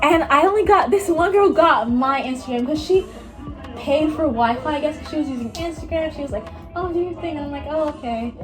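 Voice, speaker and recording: A woman's voice: high voice, fairly quick. A young woman in her late teens from Miami telling a rambling, casual storytime, full of "like" and acted-out quotes of other people. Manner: rambling, lots of "like", acts out others' lines. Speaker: vlogger. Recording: music playing behind her.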